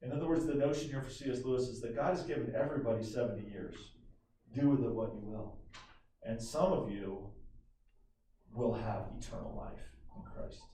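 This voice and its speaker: Male pastor, conversational sermon, mellow voice, recorded far off in a very echoey church. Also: mid-range voice, a little fast, slight background noise. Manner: conversational, animated preaching with call-and-response. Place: church sanctuary. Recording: echoey room from a distance.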